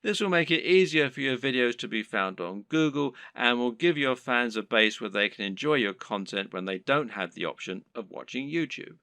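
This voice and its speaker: A man narrating scripted advice on running an online business, in a lively explanatory delivery. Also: medium pitch, normal speed, few pauses, dry recording.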